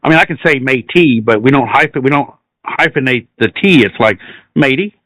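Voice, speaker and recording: A man's voice: mid-range voice, brisk, fairly bright tone, dry recording, poor audio. An American man hosting a podcast, joking and crude in casual banter, acting out silly scenes. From United States. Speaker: podcast host.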